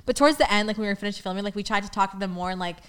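A young woman co-hosting a podcast, chatting with quick enthusiasm. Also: medium pitch, clear, resonant tone. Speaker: podcast co-host. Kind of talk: casual chat.

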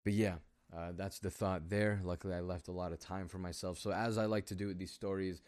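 A man's voice: deep voice, fairly even intonation, brisk, darkish tone, clear, resonant tone. A young man hosting his podcast alone, rambling and self-mocking with lots of fillers, and reading a story he wrote. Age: young adult. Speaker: podcast host.

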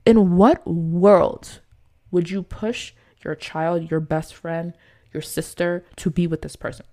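A young woman talking casually to camera, reading from her notes and giving blunt dating advice with emphatic outbursts and lots of fillers. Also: slow. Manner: emphatic, animated, swings from low asides to loud outbursts; chatty, many fillers and restarts.

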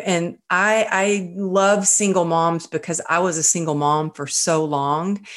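A woman hosting an interview show, effusive and heartfelt as she speaks warmly of her guest. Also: lowish voice. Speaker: podcast host. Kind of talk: conversational interview.

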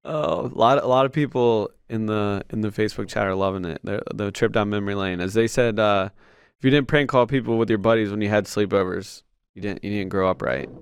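A man hosting a casual chat, relaxed and easygoing, reading out questions from listeners. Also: on the low side, fairly quick, smooth, no echo, clean studio sound. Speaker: podcast host reading audience questions.

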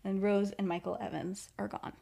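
A young woman talks through her own story in a casual, low-key way. Her pitch sits in an ordinary middle range, and she fills her sentences with "like" and "um". She keeps her voice hushed and steady as she narrates. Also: normal speed, creaky. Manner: chatty, many fillers, quiet storytelling voice. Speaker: podcast host and writer.

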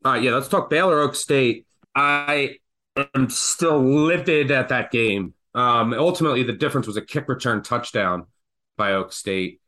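A man hosting a casual sports betting podcast, telling stories in an animated, excitable way. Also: mid-range voice, normal speed. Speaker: podcast host.

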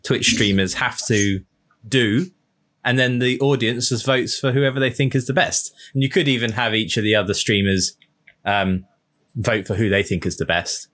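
A man's voice: mid-range voice, steady tone, moderate pace, a bit bright. A man in casual podcast chat who explains eagerly with examples.

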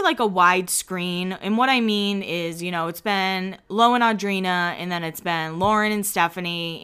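Chatty woman with a smooth voice. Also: a little high, fairly bright tone. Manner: chatty, laughs often, acts out quotes. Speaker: podcast host recapping a reality show. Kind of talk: casual chat recap.

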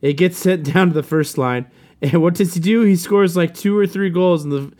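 A man's voice: sits high, moderate pace. A man hosting a casual podcast, ranting with lots of swearing. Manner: profane, animated ranting. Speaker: podcast host. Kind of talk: casual chat.

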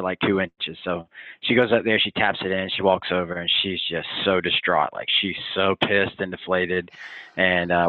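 A man's voice: on the low side, no room sound. A man, a college golf coach, telling a story with energy and enthusiasm in a casual interview. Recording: tinny phone line.

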